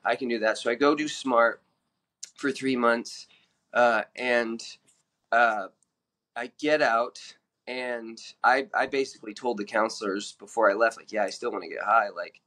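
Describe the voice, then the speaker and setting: Frank man telling his story brightly. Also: mid-range voice, steady tone, unhurried. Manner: frank, plain-spoken, many fillers and self-corrections. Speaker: podcast guest sharing recovery story. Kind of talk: candid personal storytelling.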